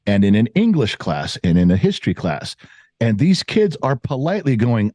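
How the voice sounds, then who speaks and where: A man's voice: mid-range voice, very animated, moderate pace, warm tone, dry recording. A middle-aged man giving his opinions as a guest in casual chat, emphatic and prone to repeating words for stress. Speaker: guest commentator.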